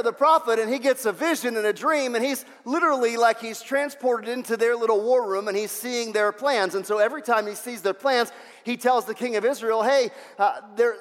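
A man preaching a sermon, animated, acting out voices and swinging from loud to hushed. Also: high voice. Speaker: pastor. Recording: long hall reverb.

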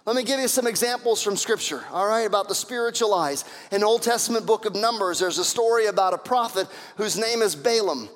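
A man preaching a sermon, telling scripture stories in an animated way and acting out the voices of the people in them. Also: sits high, brisk, few pauses, in a large hall. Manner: animated storytelling with acted-out voices. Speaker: pastor.

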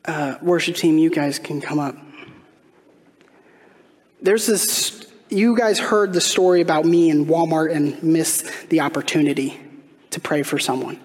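A man's voice: a little high, unhurried. A man preaching a sermon as pastor, telling a personal story in a conversational way and putting questions straight to the congregation. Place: church sanctuary. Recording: long hall reverb, faint music behind.

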